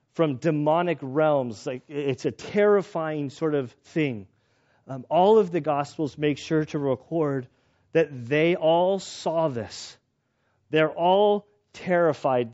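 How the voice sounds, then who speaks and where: A middle-aged man gives a sermon as a loose, animated story, circling back and restarting his sentences. His voice sits a little high for a man. The recording is dull and lo-fi. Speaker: pastor.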